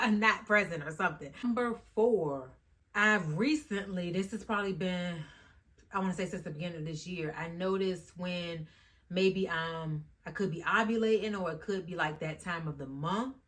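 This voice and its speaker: A woman vlogger talking casually to the camera in a chatty, animated way, often addressing her viewers directly. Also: fairly low pitch, moderate pace. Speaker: YouTube vlogger.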